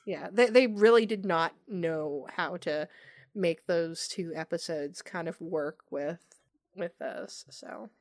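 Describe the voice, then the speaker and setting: A woman's voice: fairly low pitch, slow, no room sound. Woman podcast co-host, casual and thoughtful, hedges a lot; dry close sound. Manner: thoughtful, hedging with fillers. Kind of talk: casual discussion of a TV episode.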